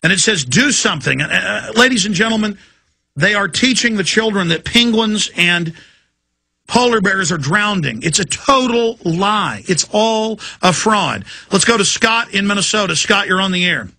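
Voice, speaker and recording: A man's voice: sits high, expressive, moderate pace, vocal fry, bright, forceful tone, no room sound. A man hosting a talk radio show, ranting emphatically and taking callers. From Texas. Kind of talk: fiery talk radio monologue. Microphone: studio mic.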